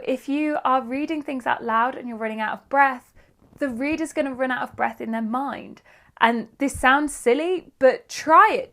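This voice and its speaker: A woman's voice: sits high, fairly bright tone. A woman teaching an online writing lesson, upbeat and emphatic. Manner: upbeat, emphatic teacher reading examples aloud. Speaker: writing instructor.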